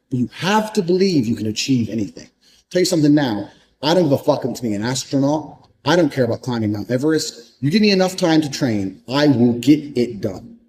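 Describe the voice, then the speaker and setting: In a rough recording, a motivational speaker with a mellow, medium-pitched voice delivers a blunt, profane monologue. He hammers his points home by repeating them for emphasis.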